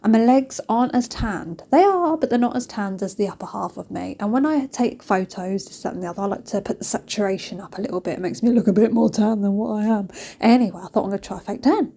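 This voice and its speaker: Chatty woman, mellow voice. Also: medium pitch, fast talker. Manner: chatty, animated, laughing storyteller. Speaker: vlogger. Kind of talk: casual storytelling voice-over. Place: kitchen.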